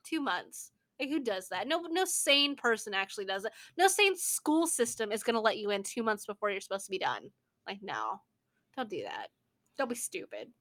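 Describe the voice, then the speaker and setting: A young woman co-hosting a podcast, telling stories in animated casual chat with frequent laughter and swearing. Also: medium pitch, normal speed. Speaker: podcast co-host. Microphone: podcast microphone.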